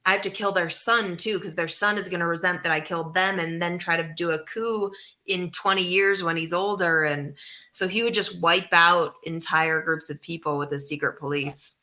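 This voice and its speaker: Bright-voiced wry woman, casual chat. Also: fairly low pitch, fairly even intonation, normal speed. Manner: wry, rambling storyteller. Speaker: podcast co-host. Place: home in Mexico City.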